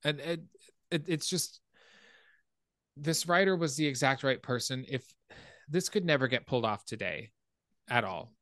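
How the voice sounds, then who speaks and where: A man hosting a podcast, casually retelling a film scene by scene and getting animated at the scary parts. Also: moderate pace, pauses often, dry recording, clean studio sound. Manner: animated storytelling, rises in pitch when excited. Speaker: podcast host.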